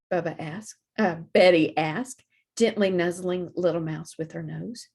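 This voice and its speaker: Woman, children's librarian at storytime; slow, animated reading, faintly husky. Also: fairly low pitch. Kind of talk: children's storytime read-aloud.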